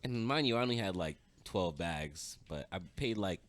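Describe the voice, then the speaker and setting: A man, a podcast guest, chatting casually while gaming, pausing often with filler sounds. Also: low-pitched. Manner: relaxed, hesitant with many ums.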